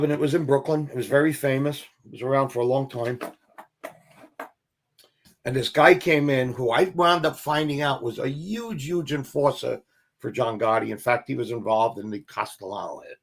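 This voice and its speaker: A middle-aged man, an actor, telling stories casually in an interview and acting out the voices of people he quotes. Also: medium pitch. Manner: animated, acts out quoted voices, swears casually. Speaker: actor guest.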